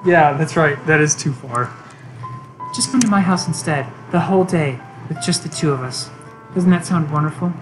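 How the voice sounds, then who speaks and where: A woman voicing an obsessive, intense young woman, reading game dialogue in a slow, intimate, creepy tone. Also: low-pitched, over music, lightly acted, rough recording. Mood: possessive.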